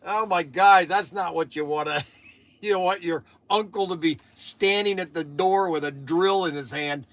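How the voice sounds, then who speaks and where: Man livestream host, rambling and chatty, voice a touch high, often breaks into laughs mid-story. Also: unhurried, fairly bright tone. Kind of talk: casual rambling livestream chat.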